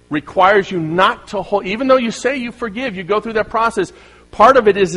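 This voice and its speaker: A man preaching a sermon as pastor, speaking with animated emphasis, asking the congregation rhetorical questions and acting out voices of listeners. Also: fairly high pitch, breathy edge, poor audio. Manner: acts out quoted voices of listeners.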